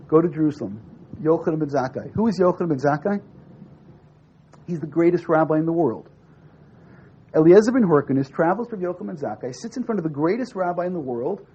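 A man's voice: on the high side, a little fast. A man teaching a religious class, telling a story and acting out its dialogue, often asking the listeners questions. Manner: animated, acts out dialogue with rising and falling voice; asks the audience questions. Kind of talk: lecture with storytelling. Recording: dull lo-fi recording with faint noise.

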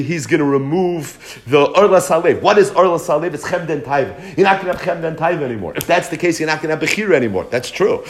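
A man teaching a Torah class, asking and answering his own questions and chanting quoted texts in a slow singsong. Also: a little high.

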